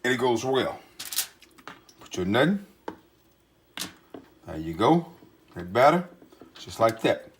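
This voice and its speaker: A man hosting a home cooking show, telling stories loudly and boastfully. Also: mid-range voice, sing-song, slow pace, pauses often, a little hiss or hum. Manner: boisterous, loud, boastful storyteller. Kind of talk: storytelling and cooking demo.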